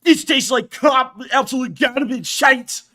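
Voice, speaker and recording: A man's voice: extremely high pitch, a little slow, pitched above the performer's own voice, heavily acted. A man putting on a Scottish accent to play an angry Scottish man grumbling about his drink. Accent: put-on Scottish. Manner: shouting, indignant.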